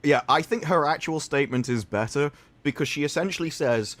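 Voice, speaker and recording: A man's voice: fairly high pitch, brisk, fairly bright tone. A man chatting on a livestream, dry and sarcastic, often quoting people in mock voices. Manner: wry, sarcastic, quotes people in jokey voices. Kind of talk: casual chat.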